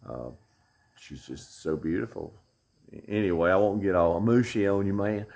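A man's voice: sits low, normal speed, vocal fry, a little mellow. A middle-aged man with a Southern US accent, giving a rambling, folksy vlog update full of fillers. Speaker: vlogger. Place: outdoors on a tropical building site.

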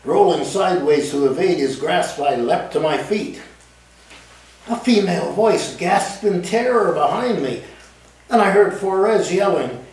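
A man reading aloud from his own novel in the first person, with lively, dramatic storytelling at a café event. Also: high-pitched, unhurried. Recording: echoey room, mic at a distance.

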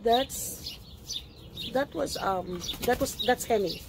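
A woman vlogging her morning on a phone in her backyard, chatting with pauses and fillers and cooing at her pet hens. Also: fairly high pitch, noisy background. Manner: chatty, hesitant, talks sweetly to her hens. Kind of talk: casual vlog commentary. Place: home backyard, outdoors.

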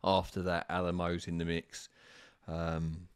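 A deep-voiced man talks through carp fishing tactics in a loose, chatty way. He wanders through his answers, pausing on ums and restarting sentences. The sound is dry and close, with no room echo. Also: completely flat delivery, clear, resonant tone. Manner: rambling, with frequent ums and restarts. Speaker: carp fishing expert answering viewer questions. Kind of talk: casual live-stream chat.

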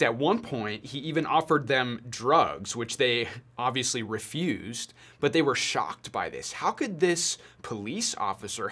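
A young man delivers a sermon to students, his voice sitting at an ordinary middle pitch. He talks slowly and deliberately, pausing between phrases to let each point sink in. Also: fairly bright tone. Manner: deliberate, measured delivery with pauses. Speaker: youth pastor.

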